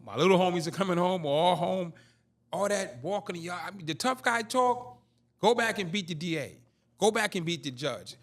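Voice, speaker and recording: A man's voice: high-pitched, moderate pace. A man in his fifties telling a streetwise story in a casual interview, acting out the dialogue. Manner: animated, streetwise, acts out dialogue. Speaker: interview guest.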